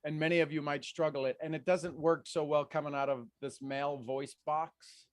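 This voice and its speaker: A man coaching a group on a video call, energetic and repeating his commands over and over. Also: a little high, moderate pace, no echo, studio quality. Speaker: life coach.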